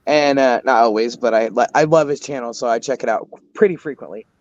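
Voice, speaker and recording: A man's voice: mid-range voice, fairly quick, darkish tone, dry recording, lo-fi sound. A man in his forties chatting casually about astrology and tarot, rambling and joking, laughing often. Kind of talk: casual chat.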